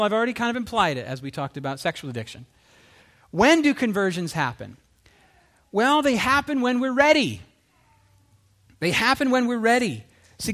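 A middle-aged man preaches with animated energy, firing off rhetorical questions and acting out the people he quotes. His voice sits high and swoops widely as he drives each point home. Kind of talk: sermon.

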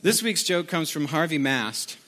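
Chatty pastor, fairly high male voice. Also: expressive, unhurried, sharp tone. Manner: loose, conversational storytelling with fillers. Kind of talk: sermon with opening joke.

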